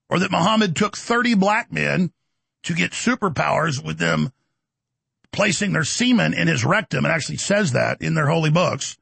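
A man's voice: fairly high pitch, animated, normal speed, gravelly, slightly rough, no room sound. A middle-aged man hosting a talk show, ranting in a combative, blustering way. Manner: combative, blustering, loud bursts. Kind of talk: heated talk show rant.

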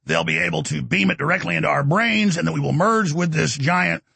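A middle-aged man, hosting a heated, mocking monologue and often shouting. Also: on the high side, fairly quick, gravelly, slightly rough, no room sound. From Texas. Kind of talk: ranting monologue.

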